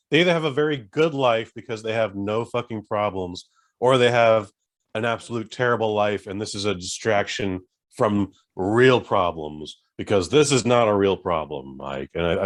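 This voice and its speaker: A man co-hosting a podcast in casual chat, blunt and emphatic, swearing as he rants. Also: on the low side. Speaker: podcast co-host.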